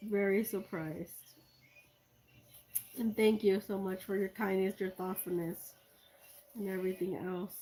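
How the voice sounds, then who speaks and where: A woman chatting casually as she unboxes gifts for her video, gushing and excitable, swinging between loud squeals and soft, hushed thanks. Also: medium pitch, unhurried, pauses often. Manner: gushing and excitable, many exclamations. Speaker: art vlogger.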